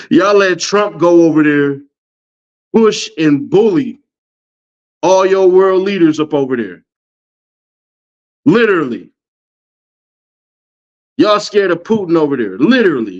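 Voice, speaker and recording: Animated, high-voiced man ranting. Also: slow, pauses often. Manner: animated slangy rant, laughs often. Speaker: online commentator. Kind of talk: reacting to viewer comments. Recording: dull lo-fi audio.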